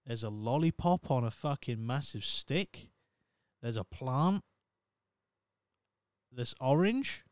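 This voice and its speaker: A man's voice: medium pitch, lively intonation, slow pace, long pauses, a little mellow, clear, resonant tone, dry recording. Sweary man ranting on a podcast. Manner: ranting, sweary, sarcastic asides. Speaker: podcast host. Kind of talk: casual comedic commentary.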